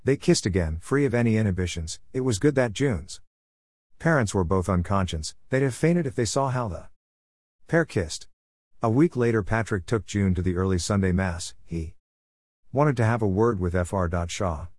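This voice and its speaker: Man, storyteller, low voice, wry steady reading, dry close sound. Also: normal speed, no room sound.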